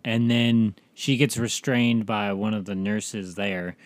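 A man's voice: fairly low pitch, fairly even intonation, slow pace, no echo. A man co-hosting a casual TV review chat, rambling and acting out characters' lines in quotes. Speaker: podcast co-host reviewing a TV episode.

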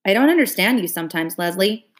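A woman's voice: mid-range voice, expressive, quick pace, lightly acted. A woman reading aloud, voicing a plainspoken country boy in a dry, blunt manner.

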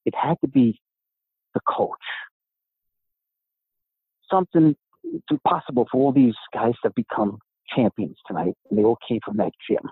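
Guesting on a podcast, this middle-aged author and gym owner from New York spins a lengthy tale, voicing each person's dialogue with animated flair. He speaks at a normal speed with frequent pauses, his husky mid-range voice coming through dry and tinny, like a phone line.

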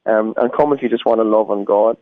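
A man's voice: fairly low pitch, steady tone, fast talker, dry recording. Earnest Irish man on a phone line. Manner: earnest, preacherly. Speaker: guest musician. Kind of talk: phone interview.

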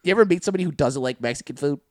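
A man's voice: on the high side, expressive, rapid-fire, darkish tone, no echo, clean studio sound. A young man co-hosting a podcast, talking in crude, rambling banter with frequent laughs. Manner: profane, rambling, laughs often, mocking voices. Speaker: podcast co-host.

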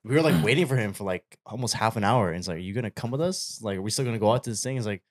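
A young man with a low-pitched voice chats on a podcast. He tells a story in a relaxed, rambling way, full of fillers. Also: very fast. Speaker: podcast co-host. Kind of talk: casual chat.

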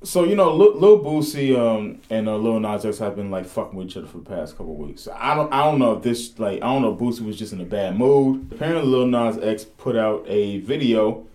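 A man's voice: fairly low pitch, lively intonation, a little fast, few pauses, darkish tone, echoey room. A young man co-hosting a podcast, telling loose, profane stories full of fillers. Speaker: podcast co-host. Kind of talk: casual chat.

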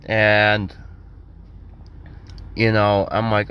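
A man's voice: lowish voice, moderate pace, lo-fi sound. A young man telling a rambling, self-deprecating comic story in a casual way, acting out quotes in other voices.

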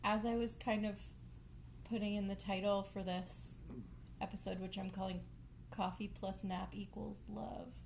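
A woman chats casually on a home podcast, laughing often and trailing off into fillers as she talks. Her voice sits at a middling pitch, with a faint hiss of background noise behind it. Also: level tone, unhurried, gravelly, darkish tone. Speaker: podcast co-host. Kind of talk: casual chat.

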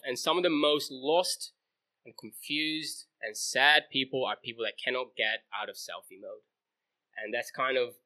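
A man's voice: mid-range voice, sharp tone. A man in his twenties giving a casual youth sermon at a camp, telling stories in a chatty way full of fillers like "like". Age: 20s. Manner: chatty storytelling, many fillers like "like". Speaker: camp speaker.

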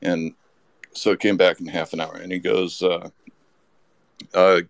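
A man's voice: low voice, flat delivery, unhurried, vocal fry, dry recording. A man telling a rambling anecdote as a podcast guest, with lots of restarts. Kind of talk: casual storytelling.

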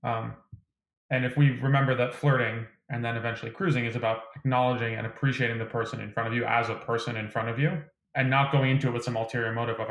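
A man co-hosting a casual chat, relaxed and a little hesitant, with fillers. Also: mid-range voice. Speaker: podcast co-host. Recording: echoey room.

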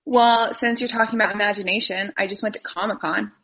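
A woman's voice: mid-range voice, fairly even intonation, fast, a bit bright, slight background noise, rough recording. A woman co-hosting a casual podcast, rambling cheerfully through a story. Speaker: podcast co-host. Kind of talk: casual chat.

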